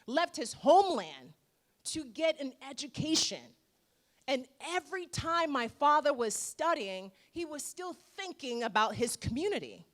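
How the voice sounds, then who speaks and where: Slow, emphatic woman giving a speech. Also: high voice, very animated, fairly bright tone. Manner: emphatic, rhetorical, with dramatic pauses. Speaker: dentist giving a gala speech. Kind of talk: motivational speech. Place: gala event room.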